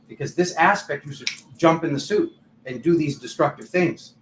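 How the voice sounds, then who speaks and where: A man's voice: fairly high pitch, normal speed. A man hosting a casual live tarot reading, chatty and filler-heavy, often laughing at himself. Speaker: tarot reader and channel host. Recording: echoey room, faint background noise.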